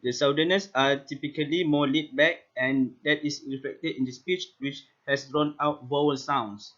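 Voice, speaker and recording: A man's voice: a little high, steady tone, moderate pace, a bit bright. A young man giving a class presentation over slides, reading steadily with hesitant restarts. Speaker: student presenter. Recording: muffled lo-fi recording.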